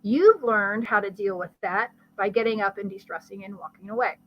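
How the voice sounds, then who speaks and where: A woman, a guest expert, explaining brain science in conversation with a lively teaching manner and vivid everyday examples. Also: medium pitch, normal speed, highs cut off, a little hiss or hum. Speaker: guest expert on ADHD and learning.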